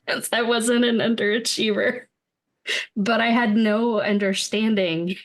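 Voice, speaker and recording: Chatty middle-aged woman, laughs often. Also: medium pitch. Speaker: podcast co-host. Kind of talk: casual film discussion.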